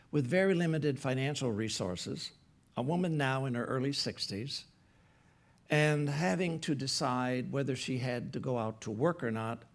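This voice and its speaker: A pastor delivering a sermon from a church platform, recounting a story in an easy, conversational manner. His voice sits at an ordinary pitch for a man. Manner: conversational, retells a story with quoted dialogue.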